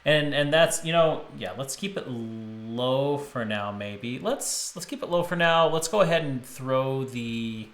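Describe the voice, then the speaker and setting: Casual male streamer, slow unhurried delivery, roomy sound with instrument playback behind. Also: mid-range voice, lively intonation, a bit bright. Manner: thinking aloud with frequent restarts, chatting to viewers. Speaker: streamer arranging music. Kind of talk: casual live-stream commentary. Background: musical instrument playback.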